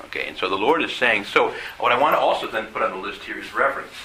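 Animated, bright-voiced male Bible teacher. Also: lowish voice, fast talker, few pauses, a little hiss or hum, rough recording. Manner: animated, acts out quoted voices; asks listeners rhetorical questions. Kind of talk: conversational Bible study talk.

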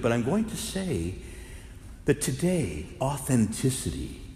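A man who is a Catholic priest, preaching a sermon with lively storytelling that swings from hushed to loud. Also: mid-range voice. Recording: echoey hall with faint noise.

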